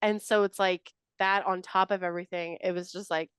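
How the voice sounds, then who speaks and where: A woman's voice: on the low side, steady tone, brisk, a bit bright, smooth, no echo, studio quality. A woman co-hosting a podcast, chatting casually, laughing often and joking with playful indignation. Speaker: podcast co-host. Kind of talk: casual chat.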